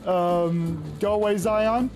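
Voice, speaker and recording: A woman's voice: medium pitch, steady tone, slow, darkish tone, soft background music. A young woman streaming a game, chatting casually with viewers, laughing often and swearing now and then. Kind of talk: casual live-stream chat.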